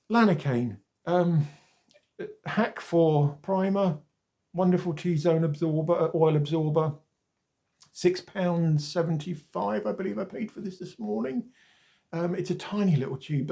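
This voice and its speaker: Chatty man in his forties with a gravelly voice. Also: a little high, dark tone. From Wales. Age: 40s. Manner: chatty and rambling, wanders off topic, mild swearing. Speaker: skincare vlogger. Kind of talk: casual talking-to-camera demonstration.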